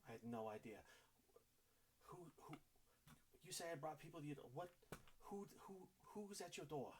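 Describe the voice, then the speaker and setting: A man's voice: medium pitch, steady tone, normal speed, gravelly, slight background noise, natural voice. A man playing a flustered, apologetic regular.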